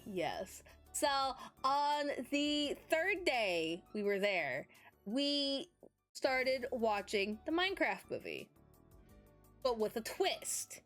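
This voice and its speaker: Young woman streamer, kinda high voice, super bouncy, giggly and yawny. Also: big pitch swings, slow, fairly bright tone, soft background music. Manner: giggly, rambling, with frequent fillers. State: yawning, sleepy. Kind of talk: casual chat.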